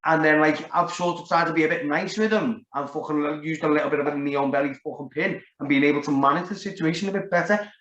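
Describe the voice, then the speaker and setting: Scouse guy with a high voice telling a long sweary story, echoey room. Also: fast, few pauses, fairly bright tone. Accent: Liverpool. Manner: rambling, heavy swearing, lots of "like". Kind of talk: casual storytelling. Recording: roomy, dull lo-fi sound.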